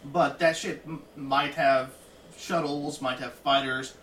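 A man running a tabletop game as game master, chatting in halting restarts with his players. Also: medium pitch, fairly even intonation, a bit bright. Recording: roomy, distant mic, light noise.

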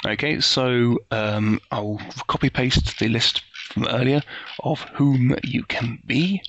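Gravelly-voiced man running a tabletop game. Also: medium pitch, slow, fairly bright tone. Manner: explains at length with fillers and restarts. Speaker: game master. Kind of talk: casual tabletop game narration. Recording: lo-fi voice call audio.

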